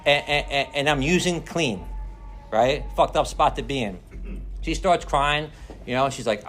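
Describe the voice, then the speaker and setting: Young guy rambling through his recovery share, lots of "like" and "right?", swears a bunch, regular mid-pitch voice. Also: measured pace, fairly bright tone, slight background noise. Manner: rambling, profane, streetwise slang with constant "like" and "right?". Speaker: recovery meeting speaker.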